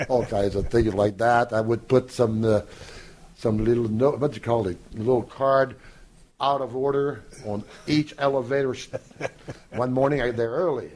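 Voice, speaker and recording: A man's voice: medium pitch, unhurried. An older man, a podcast guest, telling stories casually and acting out what others said, with frequent laughter. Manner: animated storyteller who acts out quoted lines and laughs often. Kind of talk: casual storytelling in an interview.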